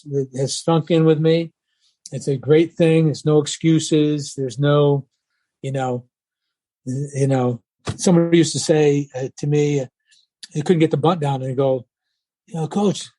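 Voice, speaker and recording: Mellow-voiced older coach telling stories. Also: male voice, a little high, no room sound. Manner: animated storyteller who acts out quoted voices. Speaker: guest, retired college baseball coach. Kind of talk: storytelling interview talk.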